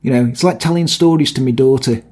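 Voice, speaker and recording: A man's voice: mid-range voice, fast, a little mellow. A young man co-hosting a podcast, chatty and self-mocking in casual talk. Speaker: podcast co-host.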